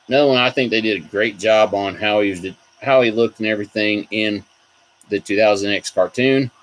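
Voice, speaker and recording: A toy collector hosts a casual video chat, rambling about collectible figures and reacting to viewer comments. His voice is lowish and fairly quick, and the audio is poor.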